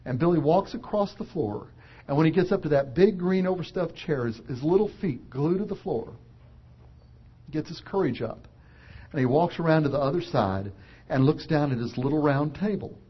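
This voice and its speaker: A man preaching a sermon, an animated storyteller who acts out the voices of characters. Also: on the high side, moderate pace, slightly rough, dull audio.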